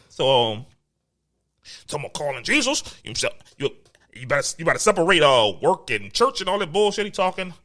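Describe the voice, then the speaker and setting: Speaking briskly in a fairly high voice, this man co-hosts a podcast and spins a story full of profanity. He stays animated and casual, performing each quote as he goes.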